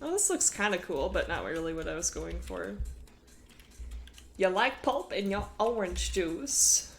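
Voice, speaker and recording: A woman's voice: fairly low pitch, very animated, measured pace, vocal fry, soft background music. A woman chatting casually with viewers on a live stream, playful and giggly.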